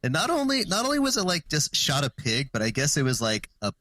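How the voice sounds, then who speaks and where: A man co-hosting a podcast, telling a history story in a rambling, animated way with many restarts and asides. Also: on the high side, fast talker, no room sound, low-quality recording. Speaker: podcast co-host.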